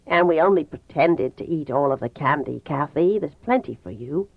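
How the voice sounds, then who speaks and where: A woman reading an audiobook voices an earnest, protective teenage boy in a lowered, hushed voice. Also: animated, normal speed, creaky, slightly rough, dry recording, full character voice. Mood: gentle, urging. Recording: tinny phone-like dry sound.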